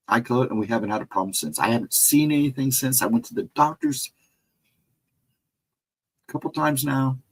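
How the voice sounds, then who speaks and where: A man's voice: medium pitch, moderate pace, pauses often, slightly rough, poor audio. A middle-aged man telling a spooky personal story in casual talk. He rambles, restarts his sentences and retraces every turn of the way step by step. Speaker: guest storyteller on a paranormal talk show.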